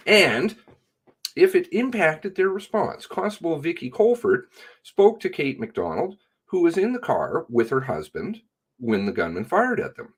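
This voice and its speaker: A man's voice: fairly high pitch, big pitch swings, unhurried, breathy edge. A man reading news reports aloud and breaking in with sarcastic comments. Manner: sarcastic asides.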